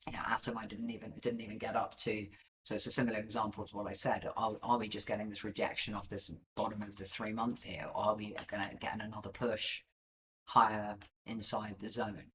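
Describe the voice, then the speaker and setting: A man's voice: fairly low pitch, flat delivery, brisk, fairly bright tone, far from the mic, slight background noise, low-quality recording. A man giving casual live-stream market commentary over charts, rambling and self-deprecating with many filler ums. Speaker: livestream crypto chart analyst.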